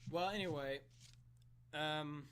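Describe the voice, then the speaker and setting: Bright-voiced young man rambling casually. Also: fairly high pitch, slow pace, slight background noise. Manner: rambling, swearing, laughs often, stutters. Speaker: podcast co-host. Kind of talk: casual chat. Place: room with a friend.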